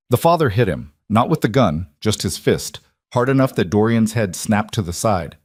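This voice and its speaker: A man narrating a crime story in a measured, tense scripted read. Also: fairly low pitch, animated, darkish tone, dry recording, studio quality.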